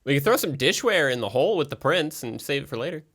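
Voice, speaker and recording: Bright-voiced eager man. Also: a little high, lively intonation, quick pace. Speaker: player. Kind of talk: tabletop game chat.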